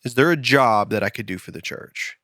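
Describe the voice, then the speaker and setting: A man's voice: mid-range voice, animated, brisk, bright, forceful tone, dry recording, clean studio sound. A man telling a joke as an earnest man with no arms.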